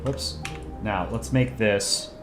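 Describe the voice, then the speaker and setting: A man's voice: lowish voice, slow pace, roomy sound, over loud music. A man casually chatting with his stream audience while drawing, thinking aloud and answering chat requests.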